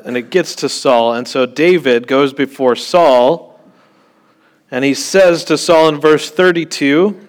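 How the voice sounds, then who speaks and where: A man's voice: medium pitch, a little slow. A man preaching a sermon in a conversational way, with joking asides and frequent check-ins with his listeners.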